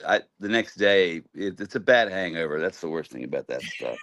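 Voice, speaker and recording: A man's voice: sits low, lively intonation, normal speed, fairly bright tone, no room sound. A man in his sixties, a guest musician, telling rambling stories and laughing in a casual interview.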